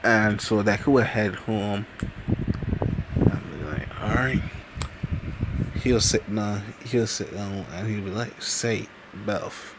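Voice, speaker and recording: A man's voice: lowish voice, a little slow. A man improvising a fan story, rambling with many restarts, over background noise.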